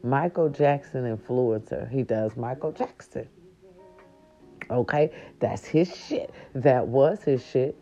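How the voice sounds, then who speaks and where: Furious low-voiced woman ranting, lo-fi audio. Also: slow, soft background music. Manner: angry, profane, swings into high shouted outbursts. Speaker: vlogger. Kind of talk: impassioned commentary rant. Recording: slightly dull lo-fi audio.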